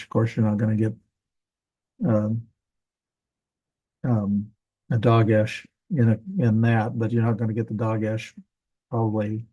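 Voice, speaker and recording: Mellow-voiced man teaching Hebrew grammar. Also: lowish voice, monotone, unhurried, long pauses, breathy edge, lo-fi sound. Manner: casual, thinking aloud with self-corrections. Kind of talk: classroom grammar lesson.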